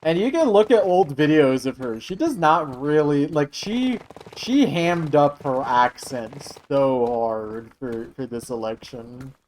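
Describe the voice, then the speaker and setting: A man's voice: a little high, expressive, takes it slowly, a little mellow, a little hiss or hum, rough recording. A young man from Michigan, chatting casually and joking with his live-stream viewers. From Michigan, USA. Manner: chatty, joking, answering chat.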